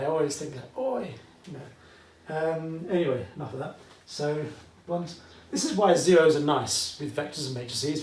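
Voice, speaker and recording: A British man teaching a maths lesson at a whiteboard, chatty and fond of asides, checking in with "okay?" often. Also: on the high side. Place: classroom with whiteboard. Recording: echoey room, voice from far off.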